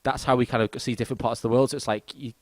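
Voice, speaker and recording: A man's voice: medium pitch, little pitch movement, very fast, darkish tone, no echo. A young man chatting casually as a podcast guest, rambling and restarting, swearing freely. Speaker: podcast guest, ticketing business manager. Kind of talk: casual chat.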